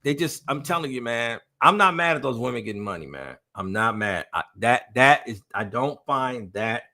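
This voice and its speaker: A man's voice: mid-range voice, lively intonation, moderate pace, pushed and bright. A man hosting a casual podcast chat, ranting emphatically with a lot of swearing. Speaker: podcast host.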